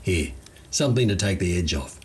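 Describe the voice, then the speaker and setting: A man's voice: sits low, lively intonation, normal speed, slight background noise. A man voicing an easygoing, unflappable Australian gardener with a drawling, slangy way of talking. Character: laid-back Australian gardener, unflappable bloke.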